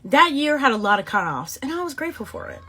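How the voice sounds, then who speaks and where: A woman's voice: high voice, quick pace, husky. Sassy young woman telling a story. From Boston, USA. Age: 20s. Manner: sassy, slangy, animated storytelling. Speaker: beauty vlogger. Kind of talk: casual storytime vlog.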